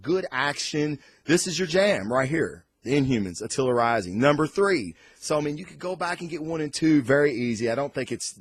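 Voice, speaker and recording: A man giving a casual, excited comic book review on camera, rambling off on tangents and swearing freely. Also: medium pitch, no room sound. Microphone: recorded on camera.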